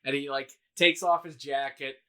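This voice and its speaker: A man co-hosting a podcast, retelling movie scenes in an animated, casual way with acted-out quotes and laughter. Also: medium pitch, moderate pace, clear, resonant tone. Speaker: podcast co-host. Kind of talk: casual chat.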